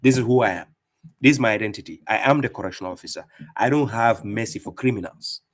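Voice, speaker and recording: A man's voice: lowish voice, fast talker. A man giving fierce, mocking religious commentary as an Islamic debater and streamer, speaking with heavy emphasis.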